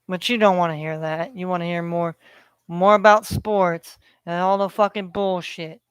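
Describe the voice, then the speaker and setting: A man's voice: high voice, fairly even intonation, moderate pace, clean tone, dry recording. A man delivering a preachy, profanity-laden rant to his viewers, hammering points by repeating them. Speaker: vlogger. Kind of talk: ranting monologue.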